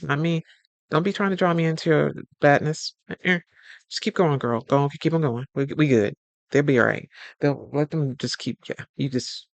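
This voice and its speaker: A man's voice: fairly high pitch, no echo. A man hosting a casual advice talk on relationships, speaking in a loose, colloquial way and acting out little scenes. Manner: chatty, acts out little scenes in quoted voices.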